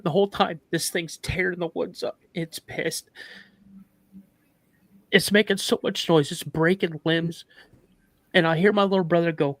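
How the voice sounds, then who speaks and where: A man's voice: a little high, moderate pace, no room sound. Intense man telling a frightening story. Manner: animated retelling with quoted dialogue, emotional. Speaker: guest. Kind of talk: emotional storytelling on a live show.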